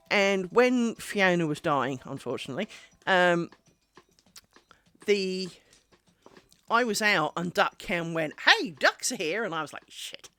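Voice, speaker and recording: Woman craft streamer, low voice with lots of lift, chatty and rambling, faint music under her. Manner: rambling, animated storytelling with many fillers. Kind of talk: casual chat while making lace.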